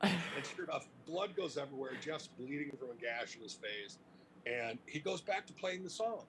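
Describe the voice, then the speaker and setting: A middle-aged man from Cleveland, telling stories in a casual interview, animated and profane, laughing as he talks. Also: fairly high pitch, normal speed, slight background noise, rough recording. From Cleveland, United States. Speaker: interview guest, music industry veteran.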